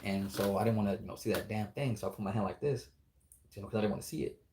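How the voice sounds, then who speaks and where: A man's voice: on the low side, racing, background noise. A man telling a spooky story in a casual, rambling, profane way, acting out the dialogue as he goes.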